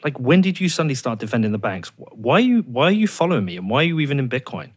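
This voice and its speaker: A man's voice: sing-song, racing, breathy edge. A man hosting a podcast, ranting in a heated, swearing casual chat, his voice jumping up when he gets worked up. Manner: fired up, swears a lot, voice jumps high when ranting. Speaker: podcast host.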